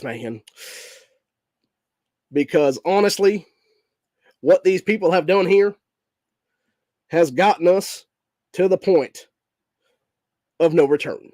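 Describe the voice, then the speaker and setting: A slightly high-pitched man speaks in an animated but slow way, pausing often, with a somewhat mellow tone in a clean, echo-free studio recording. He sounds sick, his voice messed up, as he hosts a political podcast and rants angrily. He swears constantly, stays heated, and ends almost every line with "dude."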